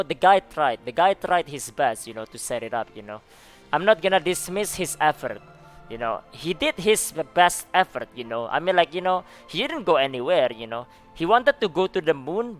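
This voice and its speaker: With a smooth, fairly bright mid-range voice, a man reacts to game forum posts on a live stream. His commentary is relaxed and chatty, full of laughter and "man" and "dude," over faint background music.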